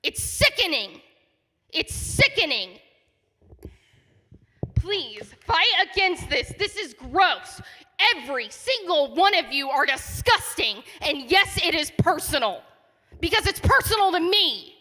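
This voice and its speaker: A woman's voice: extremely high pitch, sing-song, measured pace, sharp tone. Furious woman in a reverberant hall. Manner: angry, indignant, voice rising. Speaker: resident speaking at a public forum. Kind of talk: impassioned public comment. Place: church hall.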